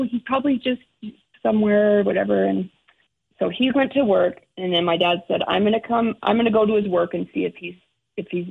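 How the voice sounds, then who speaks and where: A middle-aged woman, a guest, telling an emotional personal story in halting, restarting speech. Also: medium pitch, vocal fry, slightly rough. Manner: halting, restarts often, acts out quoted relatives. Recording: phone-like narrow sound.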